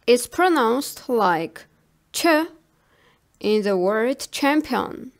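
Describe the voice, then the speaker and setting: Woman language teacher, high voice, slow and deliberate, repeats each example word. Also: expressive. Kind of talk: slow spelled-out pronunciation lesson.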